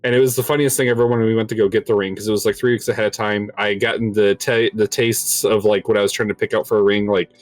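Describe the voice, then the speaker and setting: A man's voice: on the low side, flat delivery, quick pace, hardly any pauses, dry recording. A young man casually telling a long story on a podcast, rambling with lots of filler words and laughing at his own tale. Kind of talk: casual chat.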